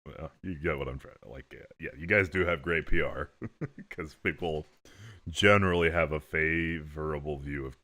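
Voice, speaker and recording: A man's voice: rumbling low, moderate pace, sharp tone. A man hosting a livestream, talking in a rambling, casual way, swearing often and laughing between remarks. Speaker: livestream host. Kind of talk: casual commentary while reacting to clips.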